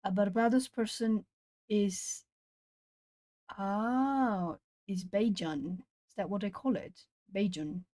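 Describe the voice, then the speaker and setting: A woman's voice: medium pitch, takes it slowly, dark tone. A woman with Portuguese as her hosts an art stream at home. She chats casually with viewers while she colours, musing aloud as she goes. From Brazil.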